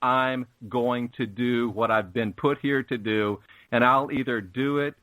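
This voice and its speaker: A man's voice: medium pitch, steady tone, measured pace, fairly bright tone, no echo, poor audio. Emphatic preachy male guest. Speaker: guest, spiritual network host. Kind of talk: casual radio interview.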